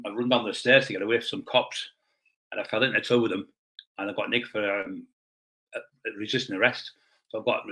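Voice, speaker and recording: A man's voice: on the low side, pushed and bright, rough recording. A middle-aged man from Scotland, a guest telling stories in a blunt, rambling way. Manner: blunt, rambling, quick-talking. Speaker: interview guest. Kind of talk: casual storytelling.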